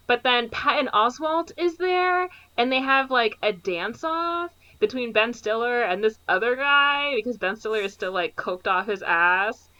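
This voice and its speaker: A woman's voice: on the high side, lively intonation, measured pace, few pauses, bright, forceful tone, smooth, dull audio. A woman co-hosting a podcast, casually recapping a movie plot and filling her sentences with "like". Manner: rambling, heavy use of "like" fillers. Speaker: podcast co-host.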